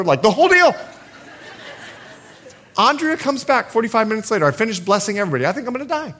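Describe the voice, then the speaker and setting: A man's voice: sits high, quick pace. A male pastor preaching a sermon at a church service, telling stories with humor. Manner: animated storytelling with humor.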